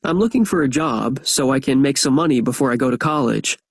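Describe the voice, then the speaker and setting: A man's voice: medium pitch, animated, brisk, breathy edge, no room sound, studio quality. A young man playing an upbeat, earnest nephew who just graduated, in a textbook audio dialogue. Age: young adult.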